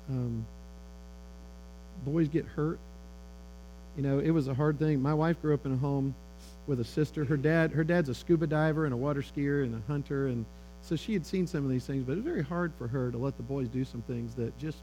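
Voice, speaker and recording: A man's voice: a little high, a little fast, poor audio. A middle-aged man giving a conversational talk to parents, telling stories and acting out the lines of the people in them. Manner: conversational, animated storytelling with quoted dialogue. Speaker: speaker on fatherhood. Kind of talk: sermon-style talk to parents. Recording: faint electrical hum.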